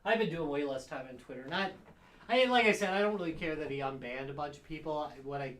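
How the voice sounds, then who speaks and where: Bright-voiced joking podcast guy. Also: fairly high pitch, fast talker. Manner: rambling, jokey, laughs often. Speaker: podcast co-host. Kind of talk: casual chat.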